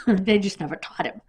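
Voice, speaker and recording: Woman vlogger, husky, rambling and halting, a bit sick and coughing. Casual personal storytelling. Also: mid-range voice. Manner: rambling, halting, with many restarts and fillers. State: coughing, sniffly.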